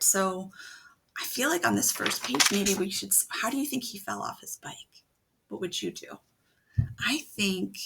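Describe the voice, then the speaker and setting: Animated woman teacher with a gravelly edge. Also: mid-range voice. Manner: animated, thinking aloud, voicing story lines as she writes. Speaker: writing teacher. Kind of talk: classroom writing lesson, modeling revision aloud.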